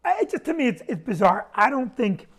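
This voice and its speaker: A man hosting a comedy talk show, ranting with animated indignation and quick asides. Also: extremely high pitch, slightly rough. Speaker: comedian host.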